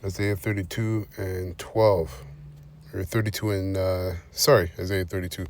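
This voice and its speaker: A man's voice: low-pitched, little pitch movement, unhurried, a little mellow, slight background noise. A man preaching and commenting on scripture, driving each point home with repeated "all right?" checks. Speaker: religious teacher.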